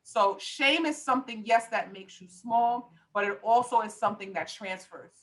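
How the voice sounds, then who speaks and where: On a podcast, a middle-aged woman who works as a life coach talks with passion and emphasis, repeating herself like a preacher. Her voice is a little high and her pace moderate, though the recording quality is low.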